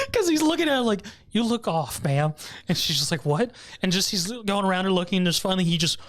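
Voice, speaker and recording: A man's voice: high-pitched, sing-song, fast, fairly bright tone. A man co-hosting a podcast, casually recapping an anime episode, laughing often and briefly mimicking the characters. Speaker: podcast co-host.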